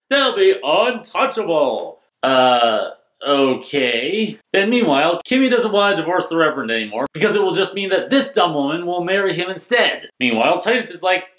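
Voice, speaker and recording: A man's voice: fairly high pitch, sharp tone. Wry man recapping, roomy echo. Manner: wry, sarcastic asides with quick impressions of characters. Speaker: vlogger reviewing a TV episode. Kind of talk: casual episode recap.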